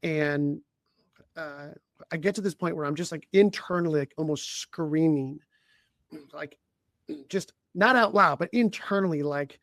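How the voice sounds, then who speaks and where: A man who coaches leaders tells a personal story in a voice that sits a little higher than most men's. He talks haltingly, restarts his sentences often and keeps clearing his throat. The sound is dry and close, with no room echo. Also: a bit bright. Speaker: leadership coach and podcast co-host. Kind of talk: conversational storytelling.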